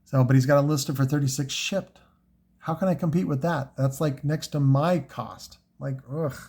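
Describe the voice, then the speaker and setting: A man selling car audio equipment discusses it casually and without a script, rambling with fillers and swearing throughout. His voice is a little high with vocal fry and a darkish tone, fairly even in intonation, at a moderate pace.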